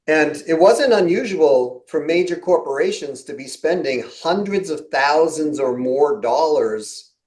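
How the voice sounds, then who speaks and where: A man's voice: on the high side, animated, measured pace, darkish tone, roomy sound, poor audio. A middle-aged man hosting a podcast, telling stories in a casual way and acting out quoted conversations. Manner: storytelling, acts out quoted exchanges with laughs. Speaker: podcast host.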